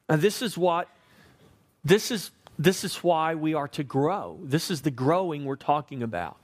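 A man preaching a sermon, emphatic, slowing to stress key words and asking the congregation questions. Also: on the high side, sing-song. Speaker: pastor.

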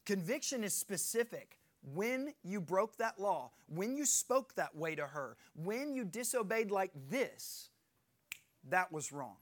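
A man's voice: high-pitched, very animated, slow. A middle-aged man preaching a sermon as pastor, earnest and emphatic, pressing his points harder as he goes.

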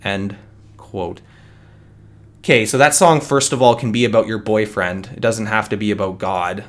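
A man's voice: fairly low pitch, moderate pace, a bit bright. Earnest man ranting on his podcast. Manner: earnest, conversational, many restarts. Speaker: podcast host. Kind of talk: solo opinion podcast monologue.

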